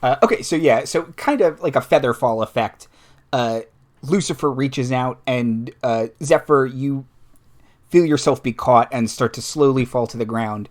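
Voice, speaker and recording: A man's voice: mid-range voice, moderate pace. A man running a tabletop game as game master, describing scenes with lots of fillers.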